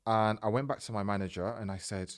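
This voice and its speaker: A man tells a personal story on his podcast in a relaxed, chatty way. His voice sits a little low, and he gets animated as he acts out what each person said. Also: quick pace. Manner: animated, retells events by acting out quoted dialogue. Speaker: podcast host.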